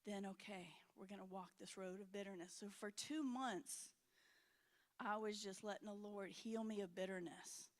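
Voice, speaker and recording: A middle-aged woman preaching a frank, emotional sermon in a church, swinging between loud and hushed. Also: medium pitch, steady tone, normal speed. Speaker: conference speaker.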